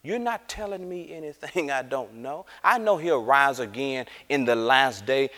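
A man's voice: medium pitch, expressive, normal speed, pushed and bright, long reverb tail. A man voicing Martha, a grieving and frustrated woman who complains indignantly.

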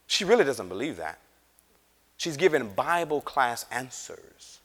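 A man's voice: medium pitch, big pitch swings, unhurried, fairly bright tone, long reverb tail. A male preacher giving a conversational sermon, often asking the audience questions.

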